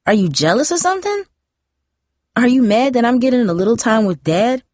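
Woman putting on a defiant teen girl, pouty and pushy, higher voice, dry close sound. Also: very animated, a little fast, a little mellow, dry recording.

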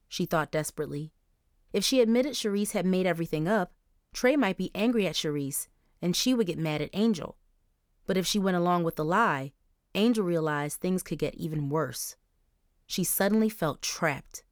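A woman narrating a young-adult novel as an audiobook, in clear, even storytelling. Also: fairly low pitch, moderate pace, no echo, studio quality. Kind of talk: scripted narration.

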